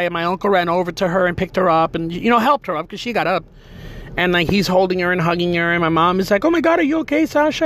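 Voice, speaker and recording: A man's voice: sits high, fairly bright tone. A middle-aged man telling a family story in a casual, rambling way, full of filler words and tag questions.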